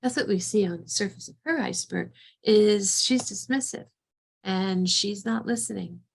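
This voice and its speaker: A woman's voice: mid-range voice, normal speed, gravelly. A middle-aged woman psychotherapist leading a training session, telling a vivid first-person scenario.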